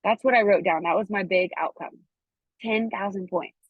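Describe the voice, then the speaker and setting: A woman giving a chatty, animated motivational talk to her team, acting out quoted dialogue. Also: medium pitch, moderate pace, husky, dry recording, narrow, tinny audio. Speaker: network marketing team leader speaking to her team.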